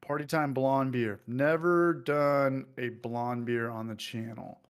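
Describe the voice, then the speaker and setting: A man's voice: medium pitch, fairly even intonation, takes it slowly, smooth. A man casually hosting a livestream, joking loosely and reading out viewer comments. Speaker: livestream host.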